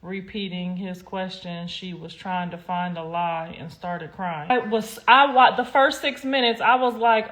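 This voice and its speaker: Blunt, animated middle-aged woman. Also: on the high side, a little slow. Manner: blunt, animated storytelling with mocking impressions. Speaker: interview guest. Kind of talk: candid interview talk.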